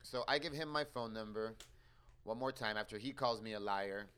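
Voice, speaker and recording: A young man on a podcast telling a story in casual chat, animated and swearing as he acts out his quoted exchanges. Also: fairly low pitch, normal speed, smooth.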